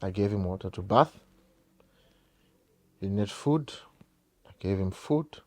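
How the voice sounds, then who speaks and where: A man's voice: fairly low pitch, lively intonation, takes it slowly. A South African man telling a painful personal story straight to his viewers, repeating phrases and calling them guys. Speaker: vlogger.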